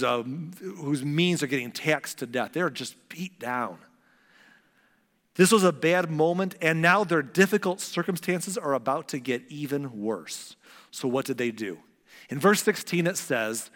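A man's voice: on the high side, big-room sound. A man preaching a sermon, retelling scripture in casual modern words and acting out the people in it. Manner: animated, acts out the characters in casual modern speech. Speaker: pastor.

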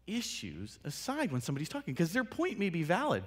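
A man's voice: fairly high pitch, fairly quick, hardly any pauses. A man giving a casual talk on listening skills, acting out short exchanges and laughing at himself. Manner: animated, acts out little dialogues with laughs. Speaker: workshop speaker. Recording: long hall reverb.

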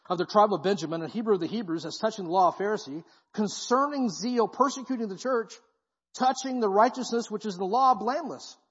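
Muffled, dull audio captures a high-pitched guest preacher whose husky voice echoes with long hall reverb in the church sanctuary. His sermon is relaxed and full of slang, and he keeps turning to the congregation with frequent "right?" asides.

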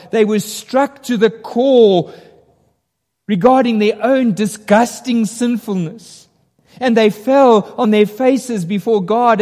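A man's voice: high voice, a little mellow, long reverb tail. A man preaching a sermon, earnest and emphatic, his intensity rising as he drives home each point.

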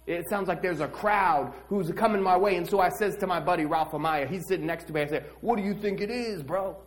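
A man playing a streetwise blind beggar who tells his own story in a church monologue, slangy and animated. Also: high voice, fairly quick, close to an everyday voice. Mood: excited. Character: streetwise blind male beggar, brash and eager. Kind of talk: dramatic monologue in a church service.

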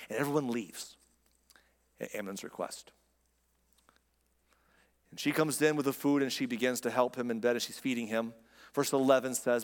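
A man's voice: medium pitch, moderate pace, pauses often, in a large hall. A man preaching a sermon in a conversational, impassioned way, speaking directly to his listeners. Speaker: pastor.

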